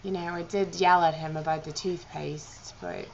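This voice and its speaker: A woman vlogging about books in a deliberately put-on British accent, rambling and poking fun at herself with plenty of "I mean" and "like". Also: lowish voice, fairly even intonation, muffled recording, slight background noise. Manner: rambling, self-mocking, heavy on fillers like "I mean" and "like". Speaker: book vlogger. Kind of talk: jokey rambling vlog.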